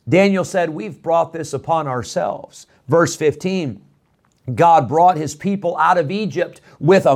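A man preaching an earnest radio sermon, pleading and emphatic with much repetition. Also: fairly high pitch.

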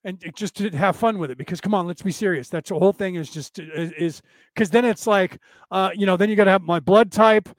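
High-voiced sarcastic rambling man, dry sound. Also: brisk, no echo. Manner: rambling, sarcastic, profane, acts out quoted exchanges. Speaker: podcast host teaching a class. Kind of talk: casual lecture-style monologue.

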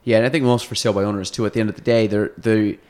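Man, low-pitched voice, podcast co-host, casual rambling chat, self-interrupting. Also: fairly even intonation, very fast, a little mellow.

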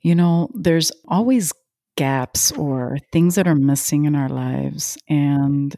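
A woman interviews a guest about faith, affirming her and sharing her own story. Her voice is low and mellow and she speaks slowly. It is recorded dry and close. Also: creaky, no echo. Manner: warm encouraging, affirms with amens.

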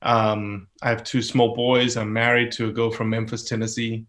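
A man's voice: mid-range voice, monotone, normal speed, a bit bright. Man, podcast guest. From South Africa. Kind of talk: casual podcast conversation.

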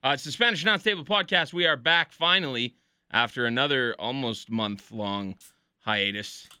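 A man co-hosts a podcast in casual chat, laid-back and dryly sarcastic, swearing offhandedly. His mid-range voice is bright, forceful, clear and resonant, at a moderate pace. The studio sound is clean with no echo.

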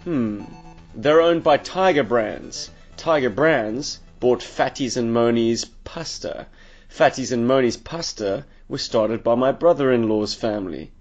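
A man's voice: medium pitch, measured pace, faint music behind. A man hosting a casual podcast, tipsy, wry and rambling. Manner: rambling, wry, self-mocking. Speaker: podcast host. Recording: dull lo-fi podcast audio.

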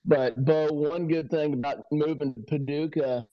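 A man's voice: fairly high pitch, steady tone, moderate pace, no echo. A man co-hosting a podcast, joking and teasing in casual chat. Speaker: podcast co-host. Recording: dull lo-fi sound.

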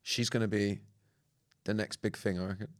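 Speaking with a British accent, this podcast co-host tells lively stories in relaxed conversation, mimicking others as he recounts what they said. He has a fairly low voice and a moderate pace.

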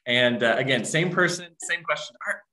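A man's voice: fairly low pitch, lively intonation, brisk, bright, forceful tone, reverberant, rough recording. A man joining a casual podcast as a guest, joking about himself and getting emotional. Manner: self-mocking, emotional, joking.

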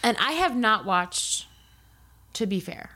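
A woman's voice: on the high side, lively intonation, slow, bright, forceful tone. Profane woman ranting in mocking voices. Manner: profane, mocking impressions of angry men. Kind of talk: heated political chat.

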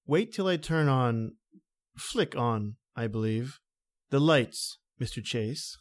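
An actor playing a suave, mysterious male villain in a radio drama, smooth and measured. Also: mid-range voice, animated. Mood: suave menace. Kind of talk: 1930s radio drama acting.

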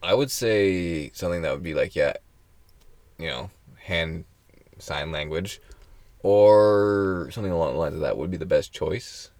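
A man's voice: low voice, a little slow, a little mellow, no room sound. A young man co-hosting a casual podcast chat, joking and laughing often. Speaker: podcast co-host.

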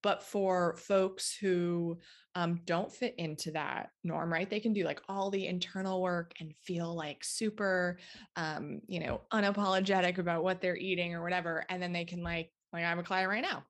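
A woman guest on a podcast, her low voice full of gravelly fry. She explains her ideas in a thoughtful, explanatory way, leaning on fillers. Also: fairly even intonation, moderate pace. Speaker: guest dietitian and author. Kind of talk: interview answers.

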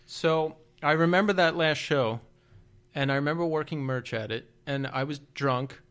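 A man in his forties co-hosting a podcast, chatty and quick to laugh as he asks follow-up questions. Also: a little high, fairly bright tone, clean tone. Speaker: podcast co-host. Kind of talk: casual chat.

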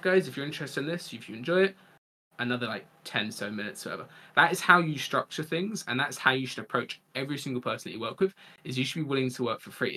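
A young man on a casual podcast, giving relaxed advice as a coach and often checking in with "right?". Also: mid-range voice. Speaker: Fortnite coach.

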